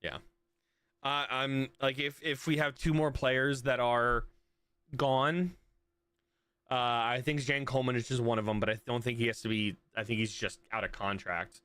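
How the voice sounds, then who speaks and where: A man's voice: mid-range voice, fairly even intonation, normal speed, fairly bright tone, clean tone, no room sound. A man streaming live, ranting at his viewers after a soccer match in an exasperated, profane way, and trailing off in mutters between points. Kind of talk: live stream reaction rant.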